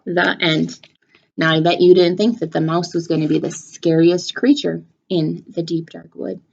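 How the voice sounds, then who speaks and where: A woman teacher reading a picture book aloud to children, animated and expressive. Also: on the low side, moderate pace, gravelly, breathy edge, lo-fi sound. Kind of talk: storybook read-aloud for children.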